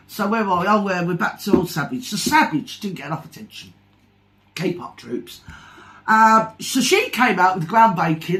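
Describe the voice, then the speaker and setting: A woman's voice: fairly low pitch, sing-song, moderate pace, a bit bright. A woman hosting online commentary, ranting in a sarcastic, insulting, scathing way. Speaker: commentary channel host.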